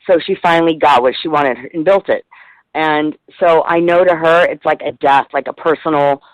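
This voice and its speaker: A woman's voice: low voice, moderate pace, no room sound, muffled recording. A middle-aged woman guest in a casual radio interview, talking in a rambling, heartfelt way with plenty of swearing.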